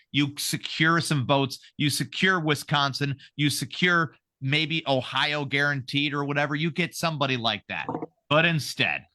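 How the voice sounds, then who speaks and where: Man, podcast host, bright voice, very lively pitch, profane storyteller. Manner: animated, profane, acts out voices in stories. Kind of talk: casual political chat.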